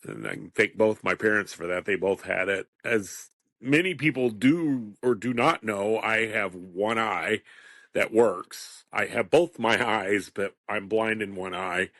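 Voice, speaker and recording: A man in his fifties talks alone on his podcast in a loose, wandering way, chuckling as he goes. His voice sits a little low, and the sound is close and dry with no room echo. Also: measured pace, a bit bright. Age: 50s. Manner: rambling, chatty, chuckles often. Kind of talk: casual solo podcast monologue.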